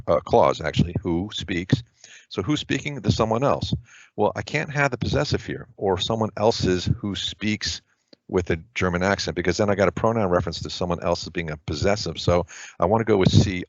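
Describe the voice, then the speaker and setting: A man's voice: sits low, no echo, lo-fi sound. A man tutoring test prep, working through grammar questions and muttering the answer choices to himself as he goes.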